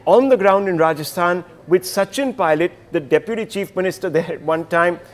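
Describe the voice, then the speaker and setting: A man giving measured, analytical commentary as a studio panelist on a news show. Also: sits high. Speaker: consulting editor, studio panelist.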